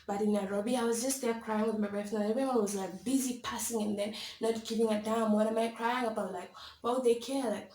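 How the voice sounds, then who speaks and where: A young woman from Kenya tells a story straight to the camera in an animated, dramatic way, laughing often and scattering fillers. Her voice sits a little high. The room around her echoes, with a faint hiss underneath. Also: moderate pace. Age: young adult. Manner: animated, dramatic, laughs often, many likes and you-knows. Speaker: vlogger.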